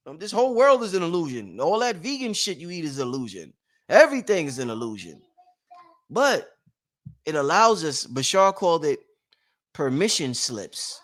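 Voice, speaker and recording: A man hosting a casual motivational livestream, rambling and repetitive, with slang and shout-outs to his viewers. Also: high voice. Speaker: livestream host.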